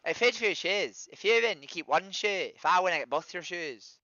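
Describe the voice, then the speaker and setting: A trans woman putting on an exaggerated, deliberately bad Irish accent to play a man making a bet, over dull lo-fi stream audio. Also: lowish voice, expressive, bright, forceful tone, dry recording, pitched above the performer's own voice. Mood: bantering. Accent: put-on Irish.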